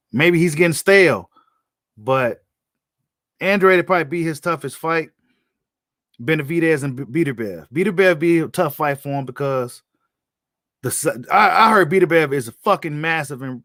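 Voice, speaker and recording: A man's voice: a little high, a bit bright, dry recording, clean studio sound. Blunt, slangy man talking boxing. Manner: blunt, slangy, repeats himself. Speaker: boxing commentator host. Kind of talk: casual live-stream commentary.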